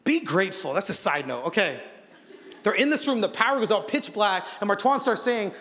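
Guest preacher, male, high-pitched, lively storyteller who acts out quotes, church hall with long reverb. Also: a little fast. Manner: animated storyteller, acts out quotes, frequent fillers. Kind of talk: sermon with storytelling. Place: church auditorium.

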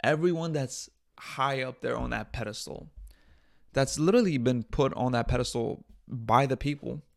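A man's voice: mid-range voice, normal speed, vocal fry. A man hosting his own podcast, talking bluntly and profanely in a casual, exasperated rant. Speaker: podcast host.

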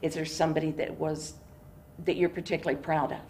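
Low-voiced woman asking interview questions. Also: level tone, fast talker, a little mellow, slight background noise. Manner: encouraging, gives short affirming replies. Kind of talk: conversational interview.

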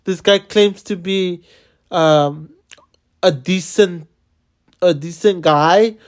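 An exasperated podcaster vents in a loose, rambling monologue, peppered with curses and restarts, at a mid-range pitch that sits neither high nor low. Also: takes it slowly, pauses often. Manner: profane and rambling, many restarts and fillers; exasperated complaining. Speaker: podcast host. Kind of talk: casual venting monologue.

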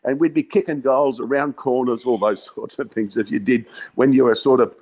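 A man's voice: mid-range voice, fairly even intonation, normal speed, darkish tone, poor audio. Laughing Australian man spinning yarns. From Western Australia. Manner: yarning storyteller, laughs often, says "mate". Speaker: guest, former cricket captain. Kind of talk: casual chat.

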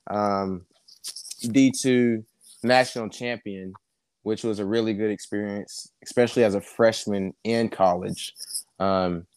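Man, wrestling coach, smooth resonant voice, dry sound, easygoing storyteller. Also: on the low side, dry recording. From South Georgia, US. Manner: relaxed storyteller, many fillers. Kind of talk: casual interview chat.

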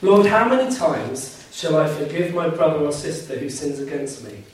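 Guy preaching a sermon, earnest and emphatic, repeats his points, voice a bit high, super echoey room. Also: sing-song, normal speed, a little hiss or hum. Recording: very echoey room, mic at a distance.

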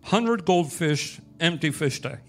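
A man's voice: on the high side, animated, slow pace, faint music behind. Impassioned male pastor preaching. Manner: impassioned, rising to loud emphatic peaks. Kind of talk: sermon.

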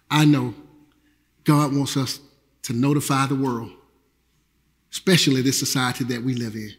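Man preaching, high voice, long church-hall reverb, energetic, repeats phrases. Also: husky. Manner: energetic, swinging between loud calls and quiet earnest lows; repeats phrases and restarts with a casual preaching rhythm. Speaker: pastor. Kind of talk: sermon. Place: church sanctuary.

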